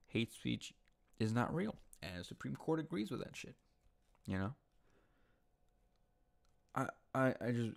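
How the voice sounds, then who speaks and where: Gravelly man ranting and swearing. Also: fairly low pitch. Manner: heated, swearing, repetitive. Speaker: host of his own online show. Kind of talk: profane ranting monologue.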